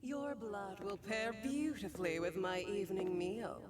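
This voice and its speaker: A woman voicing a seductive, playful vampire in game voice lines, with a slow, theatrical delivery. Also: medium pitch, steady tone, lightly acted. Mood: menacing.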